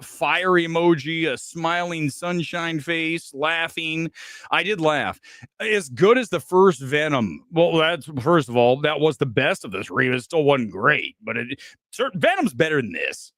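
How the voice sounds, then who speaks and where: A man's voice: a little high, measured pace, no room sound, studio quality. A man hosting a live movie review stream, swearing often and cracking up with laughter. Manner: laughing hard, profane and animated. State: crying with laughter.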